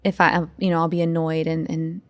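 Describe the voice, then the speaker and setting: A woman speaking as a podcast guest, telling stories in an open, animated way with lots of fillers. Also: sits low, a little fast, no echo. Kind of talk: casual interview conversation.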